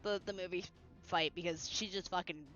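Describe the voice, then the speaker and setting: A woman streamer reacting excitedly to a game, swearing and breaking into loud outbursts. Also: on the low side, moderate pace, lo-fi sound, faint music behind. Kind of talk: live game stream chat.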